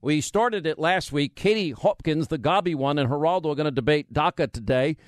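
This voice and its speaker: A man hosting a radio talk show, brash and combative, talking fast in a studio. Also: on the high side, dry recording. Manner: brash, combative, rapid-fire. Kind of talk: talk radio monologue and live reads. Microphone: studio microphone.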